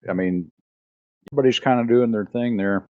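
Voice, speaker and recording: A man who is the game master, describing scenes in a laid-back, halting way and asking the players what they do. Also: medium pitch, no echo. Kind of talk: narrating a tabletop game. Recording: muffled lo-fi audio.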